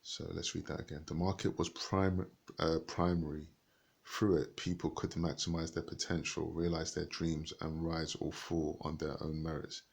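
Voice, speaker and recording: A man reading a book aloud haltingly, stopping to look up words and rereading passages. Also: very deep voice, level tone, creaky, slightly rough. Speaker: reader.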